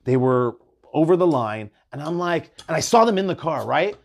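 A man's voice: fairly high pitch, moderate pace, vocal fry. A man hosting a podcast, telling stories in casual chat and swearing freely. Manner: animated storytelling, swears freely. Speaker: podcast host.

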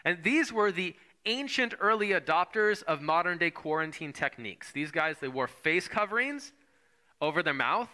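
Bright-voiced man preaching a sermon. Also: fairly high pitch, lively intonation, normal speed. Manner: conversational, acts out voices of the Bible figures. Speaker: pastor.

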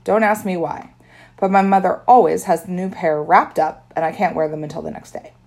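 A woman's voice: fairly low pitch, fairly even intonation, a little fast, vocal fry, darkish tone. A woman narrating a children's story in first person with a wry tone. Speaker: audiobook narrator.

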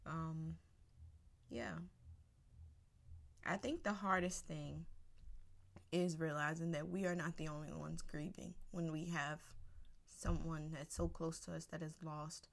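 A woman's voice: low voice, steady tone, slow, creaky, pauses often. A woman hosting a podcast, giving an unscripted personal monologue in casual slang, candid and emphatic with laughter between thoughts.

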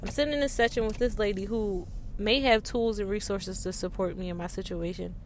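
A woman's voice: mid-range voice, a little fast, slight background noise. A middle-aged woman hosting a solo podcast, talking casually and bluntly, swearing a lot and repeating herself for emphasis. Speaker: podcast host.

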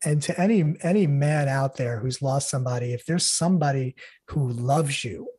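A middle-aged man speaking earnestly and haltingly as a guest in an interview. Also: mid-range voice, darkish tone, breathy edge. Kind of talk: emotional interview talk.

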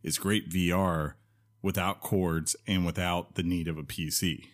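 A man with a very low voice co-hosting a podcast in casual chat. He rambles along, full of "um" and "like," restarting his sentences as he goes. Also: steady tone, a little slow. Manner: rambling, with fillers and self-corrections. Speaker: podcast co-host.

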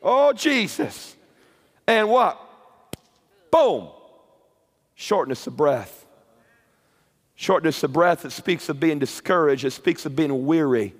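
A man preaching a sermon with passion, rising to shouted peaks and repeating words. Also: on the high side, lively intonation, unhurried, in a large hall. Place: church or camp meeting hall.

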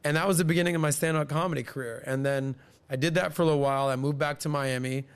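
Man host, thirties, lively anecdote teller, slightly higher voice, casual podcast chat. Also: fast, clean tone. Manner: animated, acts out quoted people in higher voices.

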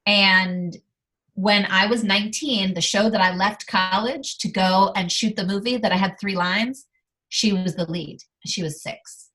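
A middle-aged woman speaking as a guest, candidly telling a personal story with lively delivery. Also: medium pitch, unhurried. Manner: animated, acts out quoted dialogue.

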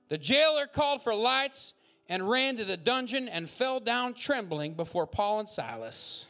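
A man preaching a sermon as pastor, fiery and loud at peaks, with folksy jokes and asides. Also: high-pitched, sing-song, normal speed, soft background music. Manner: fiery preaching, bursts into shouts.

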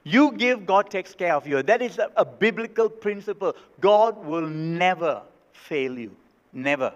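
A man's voice: high voice, expressive, a little slow. A male pastor preaching a sermon, emphatic and repeating his key phrases. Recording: reverberant hall, dull sound.

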